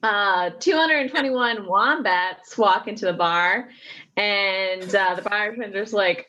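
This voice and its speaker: A woman's voice: mid-range voice, slow, pushed and bright, highs cut off. A woman improvising a joke, rambling with many "like" fillers. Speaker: improv performer.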